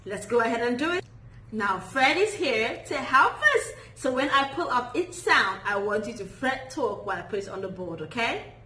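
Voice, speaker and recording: A woman teaching a children's phonics lesson, modelling sounds slowly and praising warmly in a sing-song way. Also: fairly high pitch, sing-song, reverberant, poor audio.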